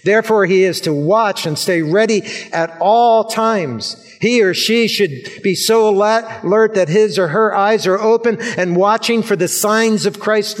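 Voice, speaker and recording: A man preaching a sermon, repeating key words for emphasis and putting questions to his congregation. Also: high voice.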